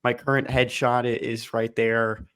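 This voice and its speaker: A man's voice: mid-range voice, normal speed, clean tone. Young guy on a sports podcast, laid back, pokes fun at himself. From Houston area. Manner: relaxed storytelling, self-deprecating. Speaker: podcast co-host. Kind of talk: casual chat.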